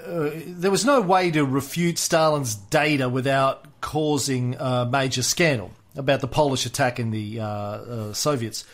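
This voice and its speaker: A man's voice: medium pitch, unhurried, few pauses. A man co-hosting a history podcast, telling the story in a joking, casual way with lots of filler sounds. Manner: jokey storytelling with frequent "uh" fillers. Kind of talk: casual chat.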